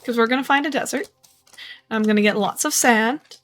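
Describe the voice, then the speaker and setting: A woman streams a game, chatting casually to herself and her viewers in a fairly bright, high-ish voice at normal speed. She's playful but tired, yawning and repeating little phrases, with faint music in the background.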